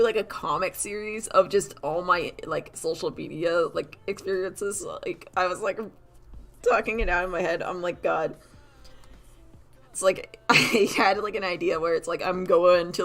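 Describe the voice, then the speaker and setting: Drawing live on stream, a woman in a lowish voice chats in a rambling, animated way. This artist streamer laughs a lot and fills her talk with "like."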